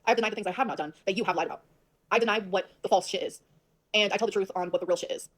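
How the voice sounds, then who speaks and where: A woman's voice: mid-range voice, rapid-fire. A woman on a livestream, rambling to her viewers in a flustered way and swearing a lot.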